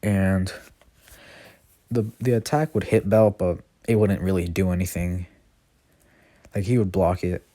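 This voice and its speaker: A man's voice: sits low, steady tone, unhurried, long pauses, dark tone, no room sound. A man casually retelling a fan story, rambling with constant fillers and self-corrections. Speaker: channel host.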